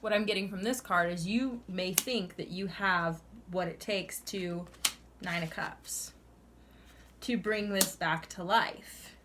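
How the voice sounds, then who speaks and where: A woman's voice: mid-range voice, slow pace, noisy background. A young woman doing a tarot reading to camera, earnest and chatty, sighing now and then between cards. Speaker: tarot reader.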